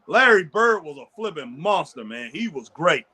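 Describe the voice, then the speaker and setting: A man co-hosting a casual sports chat show, excitable and reminiscing, laughing often as he talks. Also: on the high side, normal speed, breathy edge. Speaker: podcast co-host.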